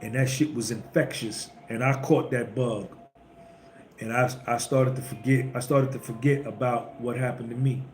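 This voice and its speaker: Speaking at a moderate pace in a steady, medium-pitched voice, a podcast host tells stories in a blunt, emphatic, preachy street-talk manner. The casual monologue is recorded in an echoey room where a faint hum lingers.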